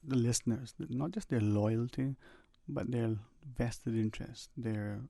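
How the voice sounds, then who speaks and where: A man hosting a call-in radio talk show from the Cayman Islands, speaking in a measured, reflective way and choosing his words carefully. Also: medium pitch, creaky, warm tone, dry recording. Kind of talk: casual radio chat.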